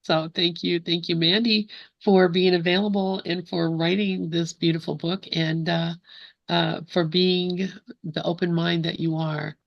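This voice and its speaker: A woman hosting an online group, speaking gently and reading a poem slowly with long pauses. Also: on the low side, level tone, vocal fry, dry recording. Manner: gentle, measured, pauses often. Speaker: group host. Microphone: video call. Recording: dull dry video call audio.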